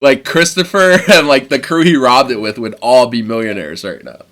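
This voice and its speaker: A man co-hosting a podcast in casual chat, animated, laughing often and tripping over his words. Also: medium pitch, moderate pace. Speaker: podcast co-host.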